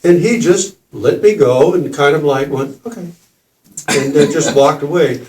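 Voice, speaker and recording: A man's voice: on the high side, measured pace. An older man in his seventies telling a personal story at a spiritual gathering, laughing and putting on voices as he goes. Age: 70s. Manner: animated, laughing, mimics voices in his stories. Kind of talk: storytelling talk. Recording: roomy hall, distant mic.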